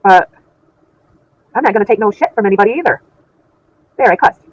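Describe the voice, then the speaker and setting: Speaking a little fast with lively intonation at a medium pitch, a middle-aged livestream host reads out her chat and reacts with laughing indignation. There is no echo, though the highs are cut off.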